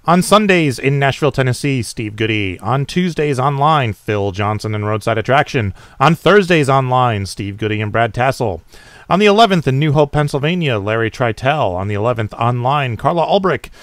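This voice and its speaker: A man hosting a casual podcast, briskly reading out a list of announcements. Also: mid-range voice, animated, no echo. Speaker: podcast host.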